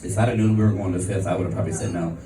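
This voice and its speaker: A man in his forties doing a stand-up comedy set, telling brash, profane stories in bursts of excitement. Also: deep voice, very fast. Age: 40s. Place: comedy venue with a live crowd. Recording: echoey room recorded from a distance, crowd audible. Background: audience laughter.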